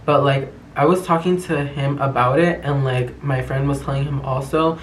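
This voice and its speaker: A man's voice: medium pitch, fairly even intonation, normal speed, a little hiss or hum. Young man telling a profane story in an echoey room. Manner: profane, slangy, rambling storytelling. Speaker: vlogger. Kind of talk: casual storytime vlog.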